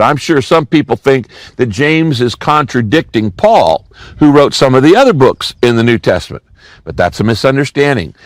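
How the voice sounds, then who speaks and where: A man's voice: medium pitch, dry recording. An older man giving a sermon as pastor, teaching through a scripture passage and repeating key phrases for emphasis.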